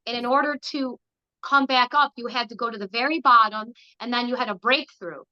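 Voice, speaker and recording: A woman's voice: on the high side, a little fast, sharp tone, dull audio. A woman hosting an interview, affirming and summing up what her guest has said. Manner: affirming, sums up the guest's story. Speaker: host.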